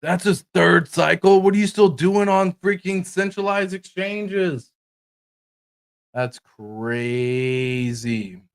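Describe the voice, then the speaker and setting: A man's voice: sits high, slow. A man hosting a crypto livestream, swearing and laughing hard while reacting to clips and reading viewer confessions. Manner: laughing, profane, reads confessions aloud. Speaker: crypto streamer host. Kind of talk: casual livestream commentary.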